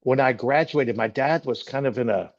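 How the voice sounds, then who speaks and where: A middle-aged man shares his faith story in an earnest, emotional way, often restarting his sentences as he talks. His voice sits at an ordinary pitch. The recording sounds a little dull and lo-fi. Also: moderate pace. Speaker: church member sharing testimony. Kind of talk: personal testimony talk.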